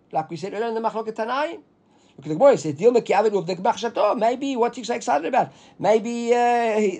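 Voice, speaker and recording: A man teaching a Talmud class, explaining step by step and checking in with "right?". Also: sits high. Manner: animated, explaining with frequent "right?".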